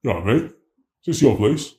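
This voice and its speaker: A man's voice: mid-range voice, big pitch swings, moderate pace, a little mellow, echoey room, natural voice. A man voicing a casual, joking male British police officer with an offhand, matey manner.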